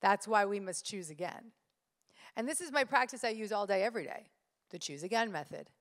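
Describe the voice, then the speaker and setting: Woman doing a motivational stage talk, chatty and animated, hall reverb around her. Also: medium pitch, brisk. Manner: lively storytelling, addressing the audience directly. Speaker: speaker at a live event.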